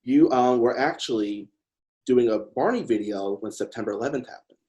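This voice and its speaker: A man's voice: mid-range voice, normal speed, darkish tone. A man hosting an interview, asking questions and giving brief supportive prompts. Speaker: host.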